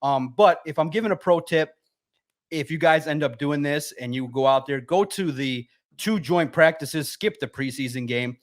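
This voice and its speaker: Higher-pitched guy on a sports podcast, animated storytelling, swears a lot. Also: normal speed. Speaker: sports writer guest. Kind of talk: casual podcast chat.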